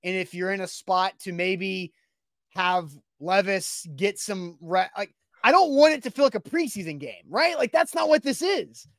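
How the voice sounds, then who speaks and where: Animated man co-hosting a sports talk show. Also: sits high, moderate pace, no echo, studio quality. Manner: emphatic, gets animated when arguing.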